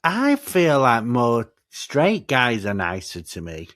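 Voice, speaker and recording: A man's voice: medium pitch, huge pitch swings, takes it slowly, a bit bright, no room sound, studio quality. A man co-hosting a comedy podcast, bluntly teasing a friend and swearing freely. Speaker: podcast co-host. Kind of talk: casual comedic chat.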